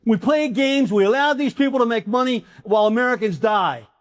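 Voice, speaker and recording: Older man, high-pitched voice, emphatic, indignant, interview guest. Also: fairly quick. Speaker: former congressman, guest.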